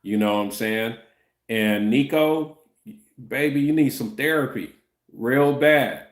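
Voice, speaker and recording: A man in his fifties hosts a laid-back livestream and answers the chat as he goes. His voice sits at an ordinary middle pitch, and he often stumbles and restarts. The sound is echoey, as if the room around him bounces it back. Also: slow pace. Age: 50s. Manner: loose, repeats "you know what I'm saying", stumbles and restarts.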